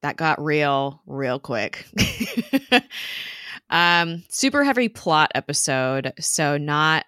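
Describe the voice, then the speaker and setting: A woman's voice: sits low, sing-song, very slow, sharp tone, smooth, no echo, studio quality. A young woman co-hosting a podcast, recapping a TV episode in casual chat, swearing now and then and acting out the characters' lines.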